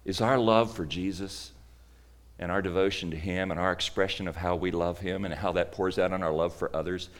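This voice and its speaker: A man preaching a sermon, retelling a story with dramatic swings between loud emphasis and hushed near-whispers. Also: low-pitched, steady tone, brisk. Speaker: pastor.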